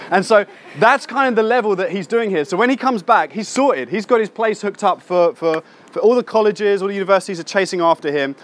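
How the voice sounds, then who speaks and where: A man preaching a casual sermon. He acts out the people in his stories in a lively way and adds slangy asides. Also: high-pitched, fairly quick.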